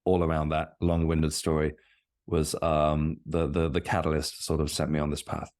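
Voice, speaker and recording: A man with a low, deep voice, telling a long personal story as a podcast guest. He talks in a loose, conversational way, full of false starts, repeated words and fillers. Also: completely flat delivery, moderate pace, darkish tone. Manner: hesitant, many restarts and fillers.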